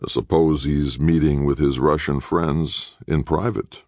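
A man voicing a relaxed, sly middle-aged man who speaks smoothly and without hurry. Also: a bass voice, a little slow, dry recording, clean studio sound. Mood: calm, needling.

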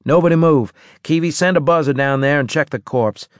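A man's voice: a little high, fairly quick, no room sound, clean studio sound, voice pushed up, lightly acted. A man voicing a tough male squad leader in an audiobook, barking orders in a firm, raised voice. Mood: commanding.

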